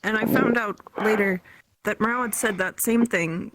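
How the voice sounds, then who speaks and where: A young woman, a guest in an interview, speaking in a matter-of-fact, halting way with fillers. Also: medium pitch, steady tone, crowd noise, low-quality recording. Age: young adult. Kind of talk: casual interview chat.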